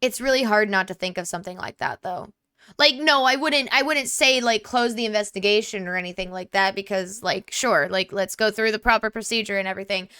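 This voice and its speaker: A woman's voice: medium pitch, a little fast, pushed and bright, smooth, dry recording, studio quality. A young woman playing a story game, reading its messages aloud and chatting between them in a talkative way full of "like" fillers. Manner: chatty, many 'like' fillers, empathetic. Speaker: gaming YouTuber. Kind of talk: let's play commentary, reading game texts aloud.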